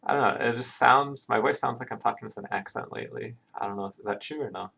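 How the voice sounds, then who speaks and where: A man's voice: mid-range voice, fast talker, creaky, bright, forceful tone, breathy edge. A man doing live play-by-play commentary on an online game, chatting casually between plays. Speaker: esports commentator.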